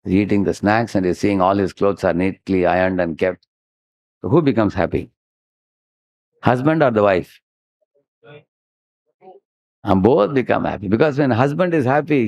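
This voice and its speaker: A man with an Indian English accent gives a devotional lecture, telling stories in an animated way and prompting listeners with "huh?". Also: medium pitch, vocal fry, no room sound. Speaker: spiritual teacher giving a lecture. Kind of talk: devotional sermon with storytelling.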